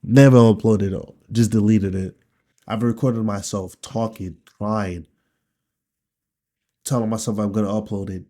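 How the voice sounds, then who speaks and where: A man from Nigeria talking candidly in a personal video diary, with a low, subdued and profane, rambling delivery. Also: fairly even intonation, unhurried, pauses often, warm tone. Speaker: vlogger.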